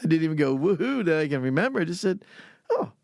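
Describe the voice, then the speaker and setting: Gravelly guy in his 60s from pennsylvania, rambling storyteller, chuckles a lot. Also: fairly high pitch, rapid-fire, a little mellow. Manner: rambling, anecdotal, chuckles often. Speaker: podcast guest. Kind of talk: casual storytelling.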